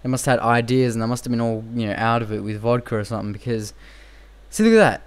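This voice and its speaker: A young gameplay commentator speaks very fast in a mid-range, clean-toned voice with flat delivery. His casual commentary rambles and repeats itself, packed with frequent fillers and repeated phrases.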